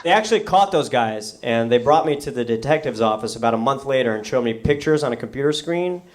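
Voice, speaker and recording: A young man from the New York area doing a stand-up comedy set, telling a story in a deadpan way with animated quoted voices, on a comedy club stage. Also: mid-range voice, quick pace.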